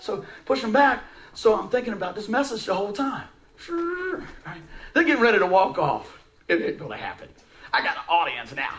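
A man preaching a sermon, telling a story in a folksy, animated way with frequent asides to his listeners. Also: high-pitched, a little fast.

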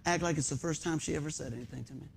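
A man's voice: on the high side, rapid-fire, gravelly, a little hiss or hum. A pastor in his fifties preaching a conversational sermon in a church, quizzing the congregation and joking about himself. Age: 50s. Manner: animated, quizzes the congregation, self-deprecating humor. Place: church sanctuary under stage lights.

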